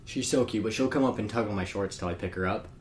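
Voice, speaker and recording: A man's voice: fairly low pitch, fast talker, a little hiss or hum. Laid-back young man in casual chat. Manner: laid-back, slangy, laughs often. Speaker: podcast co-host.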